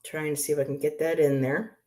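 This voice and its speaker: A woman's voice: low-pitched, level tone, fairly quick, a little mellow. A woman who reads tarot, chatting casually on a livestream and greeting viewers with easy laughter. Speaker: tarot reader.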